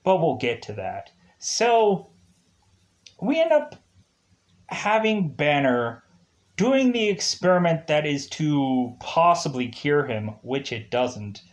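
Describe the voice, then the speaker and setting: Animated man giving a slow movie recap. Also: fairly high pitch. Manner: animated, laughing, acting out quotes. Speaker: movie reviewer. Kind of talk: casual movie review.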